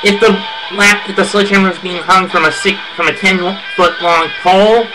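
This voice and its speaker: A man's voice: high-pitched, steady tone, brisk, poor audio. A man giving his fight predictions in a casual monologue, opinionated and prone to heated rants. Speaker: wrestling fan giving event predictions. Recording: music playing under the voice.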